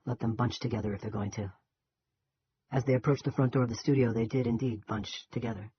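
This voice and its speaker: A man reading a novel aloud in a steady, plain narration. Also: medium pitch, a little fast, husky, dry recording. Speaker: audiobook reader. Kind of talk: audiobook narration. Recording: dull lo-fi.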